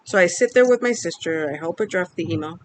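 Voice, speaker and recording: A woman's voice: fairly low pitch, animated, fast, slight background noise. A young woman in her twenties, from Mexico, candidly telling a personal story in a casual vlog, rambling with lots of fillers. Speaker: vlogger.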